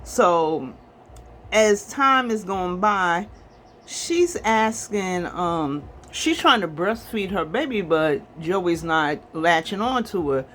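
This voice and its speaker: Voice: medium pitch, lively intonation, slow pace, a bit bright, slight background noise. A movie reviewer casually recapping a film's plot in a rambling, chatty way, talking to viewers as y'all.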